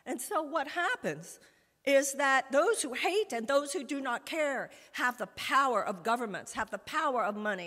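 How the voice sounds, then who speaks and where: A woman's voice: fairly high pitch, a bit bright. Rousing woman in an echoey hall. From United States. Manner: rousing, emphatic, repeats phrases for effect. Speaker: conference speaker. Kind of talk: impassioned rally speech. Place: large conference hall.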